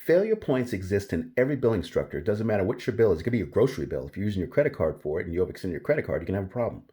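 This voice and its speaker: A man hosting a casual solo monologue, talking in an animated, emphatic way and repeating his key points. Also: sits low, racing. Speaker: host.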